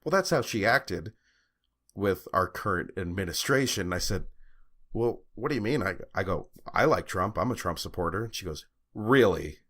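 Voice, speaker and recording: A young man with a very deep voice co-hosts a podcast, rambling through a story. He pads his talk with fillers and throws in profanity in casual chat. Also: lively intonation, normal speed, a bit bright. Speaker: podcast co-host.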